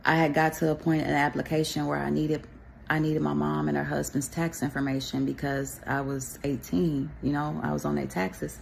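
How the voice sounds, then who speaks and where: A woman's voice: low-pitched, little pitch movement, moderate pace, vocal fry, slight background noise. A woman from Texas speaking to a camera, sharing a personal faith testimony in a rambling, conversational way with pious asides.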